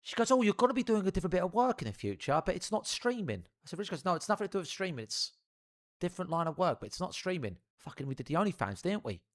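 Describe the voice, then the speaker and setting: A man's voice: sits high, big pitch swings, quick pace. A young man telling a rambling, profane story to his live stream audience.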